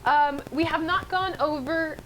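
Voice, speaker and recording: A woman's voice: sits high, unhurried, fairly bright tone, slight background noise, low-quality recording. A woman co-hosting a casual stream, giving a love tarot reading and explaining the cards chattily.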